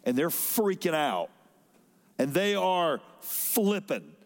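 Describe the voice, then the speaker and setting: A man preaches from the pulpit in a high voice. His delivery swings from loud emphasis to sudden soft drops. Long reverb rings through the large church hall around him. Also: big pitch swings, slow pace. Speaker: pastor. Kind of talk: sermon.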